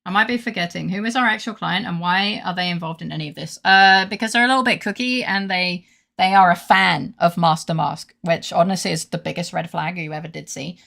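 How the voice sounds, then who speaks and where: A woman's voice: lowish voice, brisk, gravelly, pushed and bright. A woman streamer giving playful, sarcastic commentary on a game, cursing casually.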